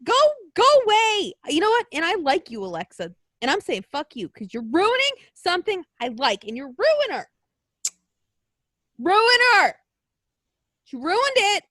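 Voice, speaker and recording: A woman's voice: extremely high pitch, sing-song, a little slow, fairly bright tone, dry recording, studio quality. A young woman co-hosting a wrestling podcast, ranting and swearing in exasperated casual chat. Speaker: podcast co-host.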